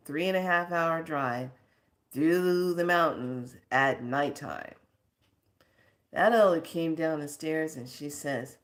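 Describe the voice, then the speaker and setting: Slow, low-voiced woman telling a story. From California. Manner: slow, reflective, acts out quoted dialogue. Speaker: storyteller sharing a personal lesson. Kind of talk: personal storytelling.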